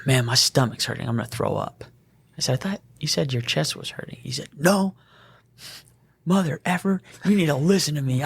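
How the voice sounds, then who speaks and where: A young man co-hosting a podcast, telling an animated work story and laughing as he goes. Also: mid-range voice, gravelly. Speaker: EMT podcast co-host. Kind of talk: casual storytelling chat.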